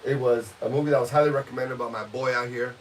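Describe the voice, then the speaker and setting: A man hosting a casual podcast, loud and showy, teasing his co-host in banter. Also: mid-range voice, fairly even intonation, fast talker. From California. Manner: boisterous showman, teasing banter. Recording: distant mic with hiss.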